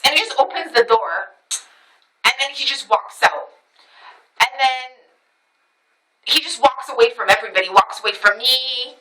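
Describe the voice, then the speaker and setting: A woman telling a personal story to camera in a casual, animated way, swearing freely and acting out what others said. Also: sits high, normal speed, pauses often, a little hiss or hum, low-quality recording.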